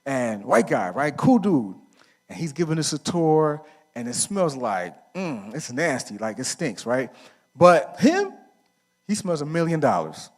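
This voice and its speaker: Here the conference speaker's pitch sits fairly high, and he is very animated while talking a little slowly. The middle-aged man tells stories casually at a men's conference, quizzing the audience and supplying the answers himself, with slang and "right?"-style fillers.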